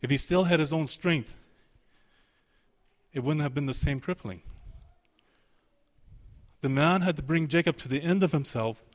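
A man's voice: on the high side, a little slow, long pauses. A man preaching a sermon, emphatic and searching, voicing the pleading of a biblical figure in his quotes.

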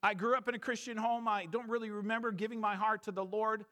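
Male preacher, high voice, fervent, sermon storytelling. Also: fairly even intonation, fast talker. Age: 30s. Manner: swings from soft storytelling to fervent emphatic preaching.

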